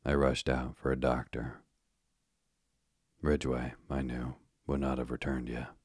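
A man reading a first-person story aloud in a measured, steady way. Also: a bass voice, breathy edge, dry recording, studio quality. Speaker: audiobook narrator. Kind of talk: scripted first-person narration.

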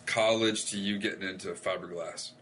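A man hosting a casual podcast, asking quick questions with playful, joking asides. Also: deep voice, fairly even intonation, fairly bright tone, slight background noise. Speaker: podcast host.

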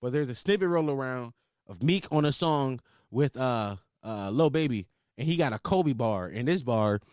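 Animated young man riffing on a podcast. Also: medium pitch, moderate pace, smooth, dry recording, clean studio sound. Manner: animated, profane, laughing riffs. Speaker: podcast host. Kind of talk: casual comedic commentary.

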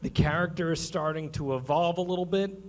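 A man hosting a live stage talk show, energetic and blunt, swearing casually. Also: fairly high pitch, brisk. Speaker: host.

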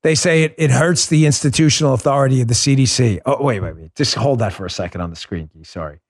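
A man's voice: mid-range voice, quick pace. A man hosting a political podcast, delivering a combative, mocking monologue.

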